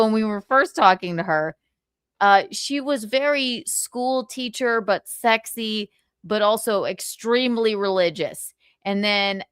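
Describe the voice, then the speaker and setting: A woman livestream host telling a sassy, animated story in casual chat, laughing often. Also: mid-range voice, dry recording, clean studio sound.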